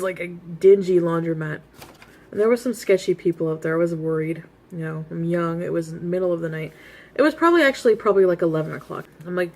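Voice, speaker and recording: A woman vlogger telling personal stories in a candid, confessional way, mostly low-key and quiet. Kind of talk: casual storytelling to camera.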